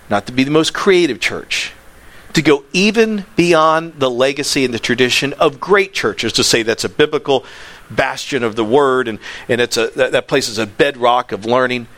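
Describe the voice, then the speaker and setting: A man preaching a sermon, excitable, swinging from near-yelling down to low, quiet stretches. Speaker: pastor.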